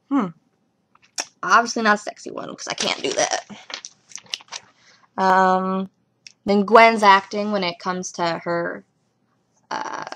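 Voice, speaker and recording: A young woman talks loosely and at length about a show, jumping between thoughts with giggles and lively asides. Her voice sits at a middling pitch. She records casually at home on a webcam. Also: gravelly. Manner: rambling, giggly, animated asides. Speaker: vlogger reviewing a TV episode. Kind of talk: casual rambling chat.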